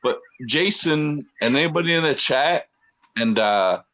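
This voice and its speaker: A man's voice: a little high, lively intonation, a little slow, fairly bright tone. A man from Philadelphia co-hosting a live web show, chatty and joking as he tells a story in a rush. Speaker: co-host.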